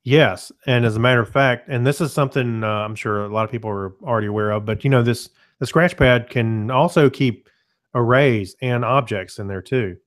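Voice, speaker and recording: Throat-clearing man presenting a software demo. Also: medium pitch, a little fast. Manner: relaxed, loose, self-correcting explanations. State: keeps clearing his throat. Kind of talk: casual software demo webinar.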